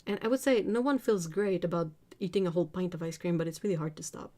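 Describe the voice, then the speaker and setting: Speaking fast in a low, dark-toned voice, a woman from the United Kingdom runs a casual art livestream. She chats, laughs frequently, and reads out comments from viewers.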